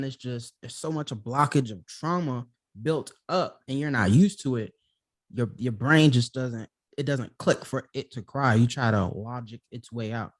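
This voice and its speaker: A man's voice: mid-range voice, a bit bright, dry recording, clean studio sound. A man hosting a podcast in a casual, conversational way, full of "you know" and "like". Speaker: podcast host.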